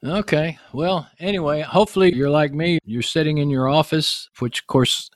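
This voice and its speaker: A man with a Texan accent and a voice on the high side hosts a podcast interview from his home office in an upstairs bedroom. He speaks at a normal speed in a chatty, joking way, wandering into rambling asides. The studio-clean recording has no echo.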